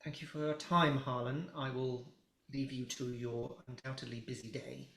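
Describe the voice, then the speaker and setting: A man's voice: medium pitch, steady tone, moderate pace, fairly bright tone, natural voice. A man voicing a stiff, pompous male gnome project manager who talks curtly and dismissively. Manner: haughty, curt, dismissive. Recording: roomy echo.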